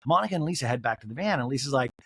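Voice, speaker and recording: A man hosting a podcast who recaps reality TV in a snarky, quick storytelling voice. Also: medium pitch, animated, fairly bright tone, slightly rough, dry recording, clean studio sound. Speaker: podcast host. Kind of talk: comedic TV recap.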